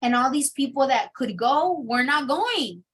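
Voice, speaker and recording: A woman's voice: high-pitched, lively intonation, measured pace, a bit bright, low-quality recording. A young adult woman telling her personal testimony in an interview, candid and full of fillers. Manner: candid storytelling with many fillers. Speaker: interview guest.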